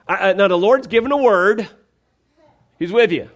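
A man's voice: high-pitched, very animated, moderate pace. A man preaching a conversational, emphatic sermon, often checking in with the congregation.

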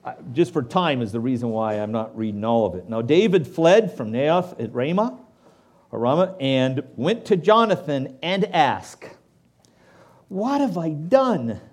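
A man preaching a sermon as pastor, reading scripture aloud and breaking off for lively asides to his congregation. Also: mid-range voice, normal speed.

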